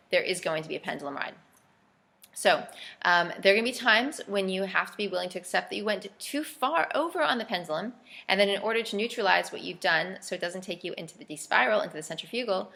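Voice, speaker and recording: A woman's voice: medium pitch, creaky, bright, forceful tone. A woman giving a casual, earnest talk on cleansing habits, thinking aloud with frequent restarts and sometimes acting out imagined voices. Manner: acts out imagined voices with sudden lifts. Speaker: health and cleansing author. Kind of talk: casual instructional monologue.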